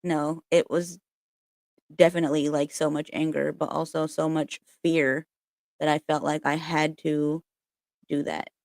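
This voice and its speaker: A woman's voice: low-pitched, level tone, measured pace, a little mellow, no echo. A woman hosting a casual livestream chat as a spiritual reader at home, candid and chatty, with plenty of swearing. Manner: candid, chatty and profane, with frequent laughs. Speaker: spiritual reader and channel host.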